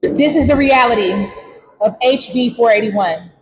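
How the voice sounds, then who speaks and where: An organizer giving a forceful advocacy speech and asking pointed questions. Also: medium pitch, unhurried. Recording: distant voice with long reverb.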